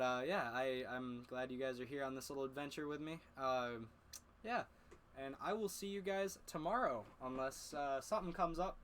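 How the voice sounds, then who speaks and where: A man's voice: on the high side, a bit bright, slight background noise. A man hosting a home music livestream, talking in a loose, rambling way with lots of fillers. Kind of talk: casual livestream chat. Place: home room.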